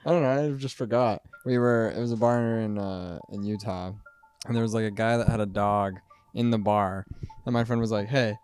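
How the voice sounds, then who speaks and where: A man's voice: lowish voice, steady tone, moderate pace, darkish tone, clear, resonant tone, no room sound. A man in his twenties, a podcast guest, telling a story casually with a lot of "like" and laughing at himself. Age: 20s. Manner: rambling, many "like"s, laughs at himself.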